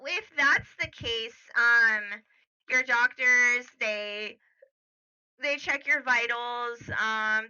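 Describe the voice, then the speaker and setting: Woman game master, narrates slowly with lots of fillers, crisp bright tone, lo-fi recording. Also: on the high side. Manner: halting, full of fillers.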